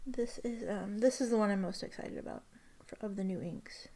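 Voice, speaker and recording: A woman's voice: mid-range voice, normal speed, dark tone. A young adult woman chatting casually as she swatches inks for her vlog, often dropping to a half-whisper. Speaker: stationery vlogger. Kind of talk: casual show-and-tell while swatching ink.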